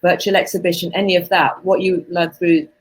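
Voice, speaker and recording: A woman guest on a casual video-call interview, an author and artist coach who talks thoughtfully and pauses to find her words. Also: lowish voice, little pitch movement, slightly rough, rough recording. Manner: thoughtful, searches for words, restarts.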